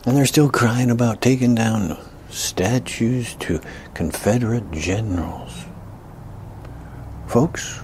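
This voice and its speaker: A man giving a ranting political commentary, emphatic, often dropping into breathy whispered asides. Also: fairly low pitch, darkish tone, slight background noise.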